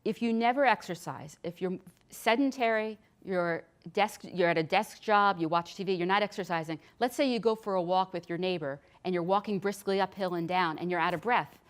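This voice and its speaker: A woman's voice: lowish voice, a little fast, smooth. Chatty woman giving a health talk. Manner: chatty and practical, with frequent restarts. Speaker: nurse practitioner. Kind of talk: health lecture. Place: hospital lecture room.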